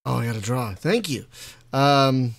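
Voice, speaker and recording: Man, game stream host, casual chat, jokey, laughs a lot, very animated pitch. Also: unhurried, gravelly. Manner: jokey, laughs often, tries silly voices. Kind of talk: casual chat while playing a board game.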